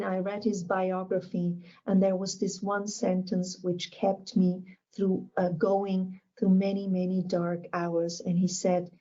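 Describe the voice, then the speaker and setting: Slow, warm-voiced woman giving a keynote. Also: medium pitch, muffled recording. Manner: emphatic, repeats key phrases. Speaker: motivational speaker. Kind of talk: motivational keynote talk.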